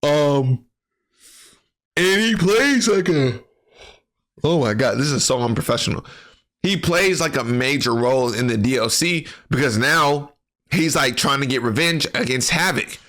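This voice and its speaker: Man, casual game recap, bright voice, loose profane slang, rambling delivery. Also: medium pitch, moderate pace. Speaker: gaming commentary creator. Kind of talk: casual gaming commentary.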